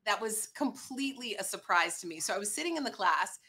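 Bright-voiced woman telling her story. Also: mid-range voice, a little fast. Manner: earnest, animated storyteller. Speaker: guest. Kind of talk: storytelling in an interview.

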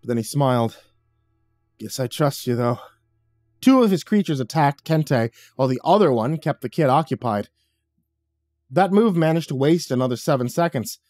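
Male horror narrator, slightly high, dramatic first-person read; dry home studio, light music. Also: animated, a little fast, dry recording. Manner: dramatic, drops low and soft for grim lines.

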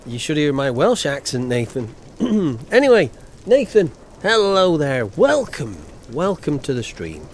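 A man's voice: fairly high pitch, huge pitch swings, unhurried, slight background noise. Chatty man streaming a game. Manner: chatty, reads and answers chat. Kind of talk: casual live-stream chat.

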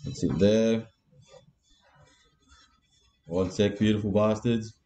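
A man's voice: on the low side, fairly even intonation, slow, dark tone, soft background music. An Australian man hosting a live card break, with crude, laddish banter and constant swearing.

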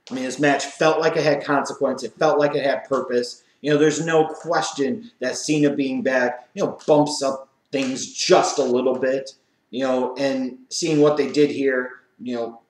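A man's voice: a little high, echoey room. A man giving an opinionated solo wrestling review, ranting and swearing in exasperation.

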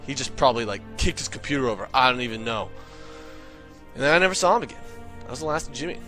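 An excitable man tells a comic story in a ranting, profane monologue. His voice is bright and forceful, at a middle pitch. Faint music plays behind him. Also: fast talker. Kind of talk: comedic monologue.

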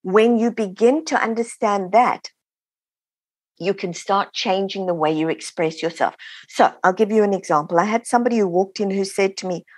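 A woman author, interviewed as a guest, explains and teaches her ideas at a normal speed in a mid-range voice. She's animated and acts out the voices of people she quotes. There's no echo on the recording.

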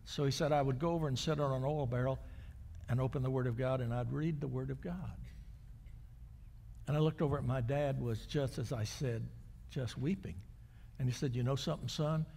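An older male pastor preaching a sermon, telling stories and moving between loud, raised lines and quiet, hushed ones. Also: mid-range voice, steady tone, normal speed, gravelly, pauses often, long reverb tail, slight background noise. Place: church sanctuary.

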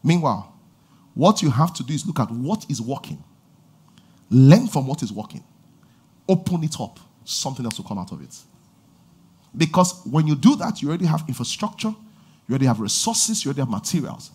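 A middle-aged man preaching a sermon in a church, with animated delivery and sudden loud exhortations. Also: mid-range voice, fairly quick, long pauses, breathy edge. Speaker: pastor. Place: church auditorium.

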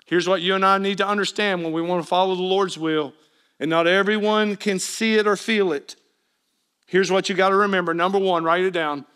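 A man preaching a sermon as pastor, swinging between loud emphatic appeals and hushed asides, often questioning his congregation directly. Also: sits high, fairly even intonation, a little fast, smooth.

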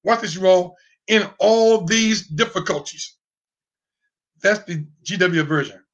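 A man's voice: high voice, slow, fairly bright tone. A man preaching an online sermon, fiery, with call and response and sudden whoops. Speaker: pastor.

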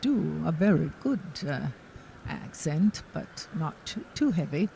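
A woman's voice: low voice, very animated, measured pace, creaky, warm tone, a little hiss or hum, poor audio. An older actress as an interview guest, telling stories in a chatty way, laughing often and restarting her sentences. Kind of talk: casual anecdotal storytelling. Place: convention floor.

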